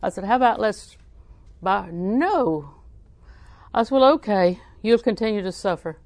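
A woman delivers a sermon in a mid-pitched voice recorded with a dry, close sound. She tells folksy stories, laughs often, and drives points home by repeating scripture lines. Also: animated, a little slow, darkish tone, no room sound. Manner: folksy storytelling with frequent laughs; emphatic repetition of scripture. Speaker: preacher.

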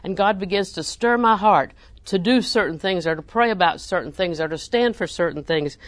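Animated woman preacher. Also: lowish voice, normal speed, no echo. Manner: animated, rising to near-shouting emphasis. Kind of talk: sermon.

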